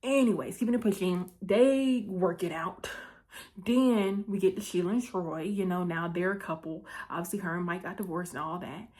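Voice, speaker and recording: A woman hosting her vlog, recapping a movie in a breezy, chatty way, full of quick asides and "okay?" check-ins. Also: lowish voice, darkish tone. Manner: breezy and playful, with asides and quick self-corrections. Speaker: vlog host. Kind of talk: casual chat movie recap.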